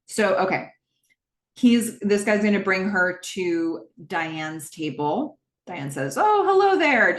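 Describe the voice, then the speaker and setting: A woman's voice: fairly low pitch, roomy sound. A woman hosting a podcast, casually recapping a TV episode scene by scene in the present tense, with frequent "um"s. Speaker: podcast host.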